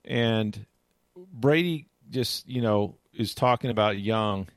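A man with a lowish voice talks sports in a casual, rambling way. He restarts often and scatters "you know" through his sentences. He retells game moments with animation, and the sound is dry and close. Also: animated, slow pace, no echo. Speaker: sports commentator. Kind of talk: casual chat.

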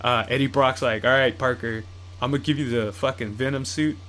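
A man's voice: medium pitch, steady tone, brisk, a bit bright. A man in casual chat, rambling and swearing as he retells comic storylines and acts out the characters' lines.

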